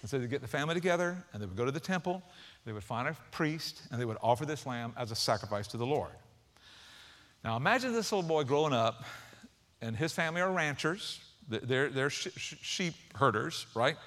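A man preaching a sermon, telling a story in an animated way. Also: mid-range voice, brisk. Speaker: pastor.

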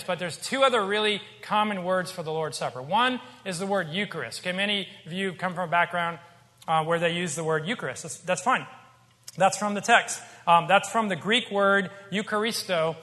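A man's voice: high-pitched, sharp tone. A man preaching a sermon as pastor, conversational and emphatic, with joking asides. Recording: long hall reverb.

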